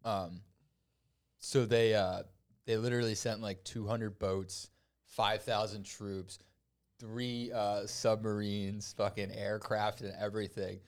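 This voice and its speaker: A man's voice: fairly low pitch, flat delivery, slow pace. A man in casual chat, recounting a history story in a rambling way with fillers and swearing.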